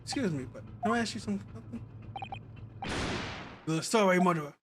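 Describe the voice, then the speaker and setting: A man's voice: high-pitched, expressive, brisk, music in the background. A man streaming a game, reading its dialogue aloud and cracking jokes between lines. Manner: playful, joking, reads lines in varied voices.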